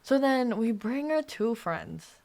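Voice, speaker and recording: A woman's voice: fairly high pitch, expressive, slow, gravelly, darkish tone. A young woman in casual podcast chat, talking in a loose way with many fillers. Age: young adult. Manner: chatty, full of fillers. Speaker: podcast guest.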